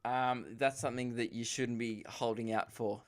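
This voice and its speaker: A man's voice: mid-range voice, fairly even intonation, very noisy. An Australian man in his twenties hosting a comedy podcast, answering listener questions in a rambling, self-mocking way. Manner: rambling, self-mocking, quick asides and laughs.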